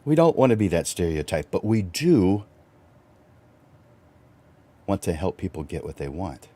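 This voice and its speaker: Deep-voiced, animated middle-aged man coaching. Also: measured pace. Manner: animated, chuckling, swings up for emphasis. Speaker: host and photographer. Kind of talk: livestreamed business coaching talk.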